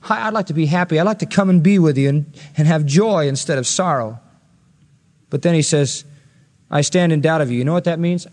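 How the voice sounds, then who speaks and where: A man's voice: a little high, brisk, a little mellow, big-room sound. A male pastor preaching an expository sermon, earnest and rising to emphatic peaks when quoting scripture.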